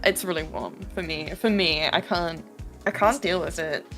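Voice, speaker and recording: A young woman with British and Irish roots, chatting casually on stream, overly expressive, swearing and laughing often. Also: fairly low pitch, moderate pace, faint music behind. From UK, Scottish-Irish family.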